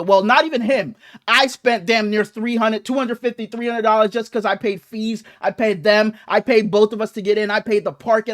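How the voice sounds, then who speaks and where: A young man with a notably high voice, chatting on a podcast as co-host. He tells stories animatedly and swears a lot, his speech loose and unscripted. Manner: animated, profane storytelling with acted quotes. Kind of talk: casual chat, storytelling.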